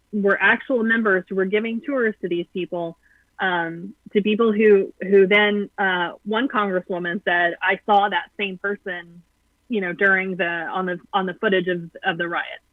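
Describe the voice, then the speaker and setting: Sarcastic and blunt, a guest commentator talks politics over the phone with plenty of ums. The medium-pitched voice comes through a dry, tinny phone connection.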